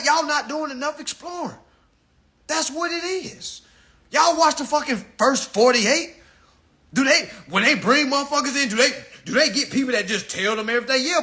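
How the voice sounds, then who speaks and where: A man in his thirties hosting a live stream. He lectures his audience in a profane, preachy and animated rant. His voice is high-pitched and bright. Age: 30s.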